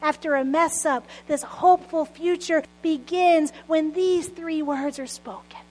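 A woman pastor in her late thirties with a bright, high-pitched voice preaches earnestly. She mixes prayer with personal stories and soft laughs. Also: steady tone, unhurried, rough recording. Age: 30s. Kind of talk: sermon.

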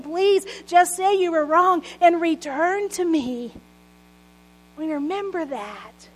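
High-voiced woman pastor in her thirties. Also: poor audio. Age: 30s. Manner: earnest, personal storytelling with soft laughs. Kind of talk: sermon.

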